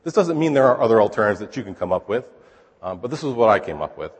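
A man preaching in a relaxed, conversational way, often putting rhetorical questions to his listeners. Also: on the low side, quick pace, slightly rough. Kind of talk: conversational sermon. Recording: long hall reverb.

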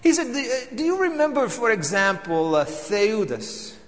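A man performing a theatrical monologue as a bitter, vengeful temple council elder, moving between loud outbursts and hushed, seething lines. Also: high voice, big pitch swings, normal speed, long reverb tail, soft background music. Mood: recounting, measured.

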